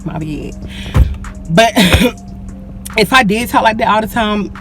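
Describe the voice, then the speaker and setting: A woman in her twenties chats to her viewers as she gets ready, putting on a loud, playful, slangy way of talking. She holds the camera at arm's length, and faint music plays behind her voice. Her pitch sits in a middle range. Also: slow pace. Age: 20s. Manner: playful, slangy put-on "ratchet" talk. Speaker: vlogger. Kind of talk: get-ready-with-me chat. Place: home indoors, then a car. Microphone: camera held at arm's length.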